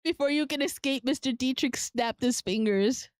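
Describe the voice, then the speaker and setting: A woman's voice: sits high, moderate pace, no room sound, studio quality. A woman streamer reading a story game aloud, narrating evenly and laughing at the scenes. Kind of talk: game narration and live reactions.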